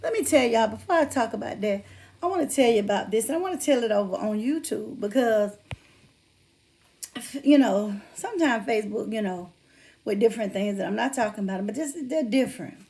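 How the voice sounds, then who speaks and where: A woman hosts a relaxed livestream, talking chattily to her viewers and calling them out by name. Her voice sits a little high and has a gravelly, fry-laden edge. She speaks openly about her faith as she talks. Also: a little fast. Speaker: livestream host. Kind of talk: casual livestream chat with viewers.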